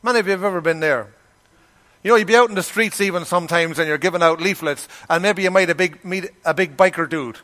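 A middle-aged man with an Irish accent preaches in a relaxed, conversational way, sliding into anecdotes and giving the people in them their own voices. His voice sits a touch higher than most men's. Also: fast. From Ireland. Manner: conversational storytelling, acts out quoted voices. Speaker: pastor. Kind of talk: sermon with storytelling.

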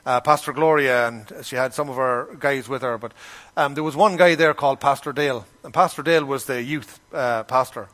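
A man's voice: medium pitch, fairly quick, a bit bright. A middle-aged Irish man preaching a sermon, telling stories in a conversational way and acting out the voices of the people in them. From Ireland. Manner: conversational storytelling, acts out quoted voices. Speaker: pastor. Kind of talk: sermon with storytelling.

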